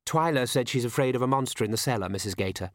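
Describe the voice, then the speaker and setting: A man's voice: medium pitch, fast, no echo, natural voice. A man reading aloud, voicing a dry, no-nonsense young governess who speaks curtly. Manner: curt, flat.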